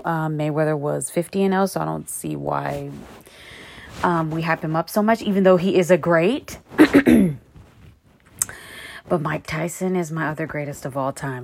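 A woman's voice: lowish voice, a little mellow. A woman hosting her own podcast, talking in a blunt, profane, rambling way. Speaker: podcast host. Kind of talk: casual solo podcast monologue.

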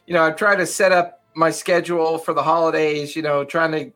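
A man's voice: on the high side, flat delivery, a little fast, bright, forceful tone. A man co-hosting a podcast in casual chat, rambling and leaning on "you know". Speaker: podcast co-host.

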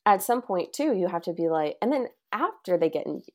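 A woman's voice: lowish voice, sing-song, a little fast. A woman co-hosting a podcast, talking casually in a rambling way with lots of "like". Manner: rambling, heavy use of "like". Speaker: podcast co-host. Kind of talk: casual chat.

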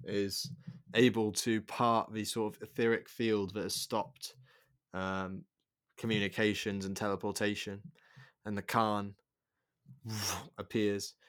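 Low flat-voiced man chatting. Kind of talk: casual chat.

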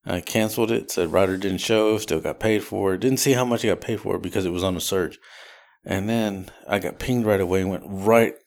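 A man's voice: sits low, a little fast, vocal fry. A man hosting a podcast alone, telling a rideshare story in a rambling casual way with many fillers. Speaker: podcast host.

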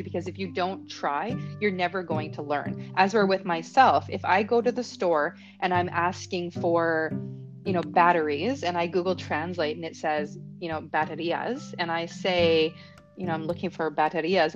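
Lady podcast host, lower voice, talky and easygoing, a bit dull lo-fi sound, faint music behind. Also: moderate pace. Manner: chatty, explains things, laughs easily. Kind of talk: casual podcast chat.

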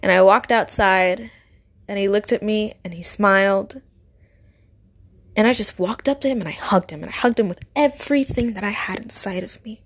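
A young woman vlogger sharing a personal faith story in a heartfelt, emotional way, often sinking to a soft whisper. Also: medium pitch, moderate pace.

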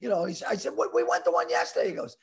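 A middle-aged man from the Boston area telling a rambling story with stammering restarts and animated voices. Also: sits high, racing, vocal fry. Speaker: comedian guest telling a story. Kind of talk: casual storytelling.

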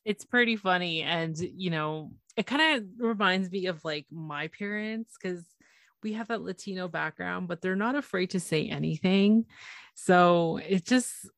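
A relaxed woman chats casually with a slightly low voice, amused and quick to laugh. She speaks at an easy, unhurried pace. The sound is dry and close, with no room echo. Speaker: podcast co-host. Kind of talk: casual chat.

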